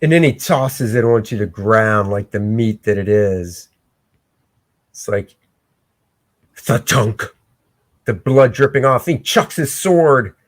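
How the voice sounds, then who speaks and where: Excitable man walking through his art. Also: lowish voice, unhurried. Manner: excitable, breaks into shouts. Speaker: comic artist and show host. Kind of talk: casual livestream art commentary.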